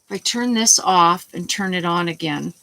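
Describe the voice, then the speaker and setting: A woman's voice: on the low side, normal speed, sharp tone, no room sound, rough recording. A middle-aged woman telling a story in a rambling, casual way, swearing now and then and restarting her sentences. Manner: rambling, salty, starts over mid-sentence. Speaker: vlogger.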